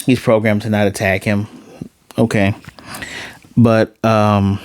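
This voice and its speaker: A man's voice: lowish voice, flat delivery, takes it slowly, smooth, no echo, studio quality. A man casually recapping and reviewing a TV episode, slangy and profane, acting out the characters' lines as he retells scenes. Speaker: TV series reviewer.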